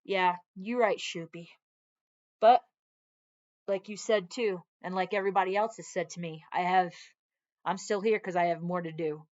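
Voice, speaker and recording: A woman's voice: lowish voice, fairly even intonation, normal speed, a little mellow, dull audio. A woman Air Force veteran talking earnestly in a casual vlog, her arm in a sling, chatting on and breaking off to scold her dog. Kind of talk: casual heartfelt vlog talk.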